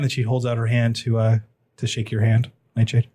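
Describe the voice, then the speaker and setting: A man narrating a tabletop game as game master, halting with many fillers. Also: mid-range voice, level tone, warm tone.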